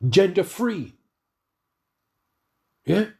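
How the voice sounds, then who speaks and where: A middle-aged man ranting in a monologue and reading scripture to the brethren, animated and repetitive, often stumbling over restarts. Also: high-pitched, very slow, vocal fry, breathy edge. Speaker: religious speaker addressing the brethren.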